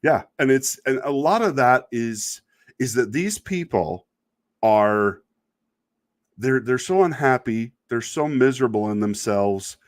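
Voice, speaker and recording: Speaking unhurriedly in an animated, mid-range voice, a middle-aged man hosts a casual video podcast. He rambles, with wry exasperation, about online commenters and occasionally chuckles at himself.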